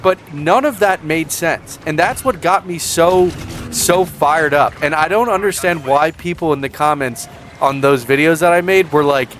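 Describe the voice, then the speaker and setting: A man's voice: fairly high pitch, normal speed, fairly bright tone, slight background noise. A man giving casual reaction commentary as a vlogger, sarcastic and rambling with restarts.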